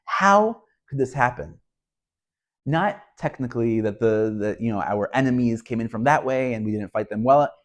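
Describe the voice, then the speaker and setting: A rabbi gives a Torah lesson in an emphatic, storytelling voice. This man keeps raising rhetorical questions and presses each point home, in a middle-pitched voice. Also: expressive, normal speed. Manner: storytelling delivery. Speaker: rabbi teaching.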